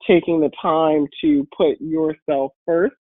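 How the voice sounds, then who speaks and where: A woman with a deep voice, congested and a bit hoarse from a cold, giving an upbeat, encouraging webinar talk as a guest speaker. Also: fairly even intonation, takes it slowly, dry recording. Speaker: guest speaker and patient advocate. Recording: phone-like online call audio.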